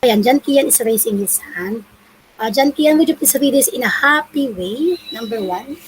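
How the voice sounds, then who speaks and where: A woman's voice: on the high side, expressive, normal speed, a little hiss or hum, low-quality recording. A woman teacher from the Philippines with a Filipino accent, leading an online English class and encouraging her pupils as she switches between Tagalog and English. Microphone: video call.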